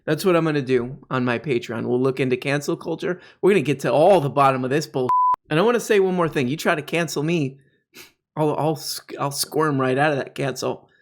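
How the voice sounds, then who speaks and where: A man hosting satirical commentary on video clips. He rambles sarcastically and now and then breaks into shrill mock outbursts. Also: a little fast. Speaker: comedy commentary host.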